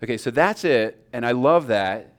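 A man's voice: medium pitch, animated, normal speed. A man teaching a class on sermon preparation in a loose, conversational way, with fillers and restarts. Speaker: preaching instructor.

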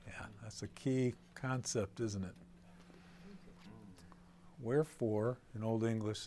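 A middle-aged man teaches preachers in a playful live talk, quizzing his audience and swinging between loud and soft delivery. His voice is fairly low with fairly even intonation, and he speaks slowly with long pauses.

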